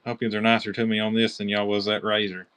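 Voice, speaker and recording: Kentucky man, low-pitched, excitable live auction seller who keeps naming his bidders. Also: fast, smooth. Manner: chatty, excited, calls out bidders by name. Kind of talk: live-stream auction selling.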